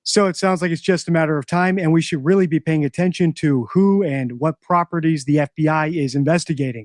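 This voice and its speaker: A man giving a brisk, rehearsed sign-off to his case analysis video. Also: a little high, no room sound, studio quality. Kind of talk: scripted video outro.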